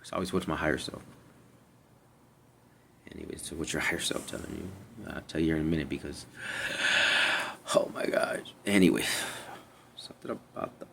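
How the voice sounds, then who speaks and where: A man with a deep, gravelly voice rambles through a casual tarot reading, often trailing off, sighing, and dropping into near-whispers. His delivery wanders between sudden emphasis and quiet asides. A faint hiss sits under the recording. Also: fairly quick, long pauses. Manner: meandering, trails off, sighs often; drifts between loud and hushed. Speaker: spiritual reader.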